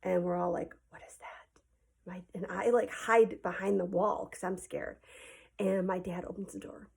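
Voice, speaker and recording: A woman's voice: on the low side, steady tone, normal speed, vocal fry, a little mellow, breathy edge. A woman, a teacher, telling her class a childhood story in a casual, chatty way, with many ums and likes, recorded at home.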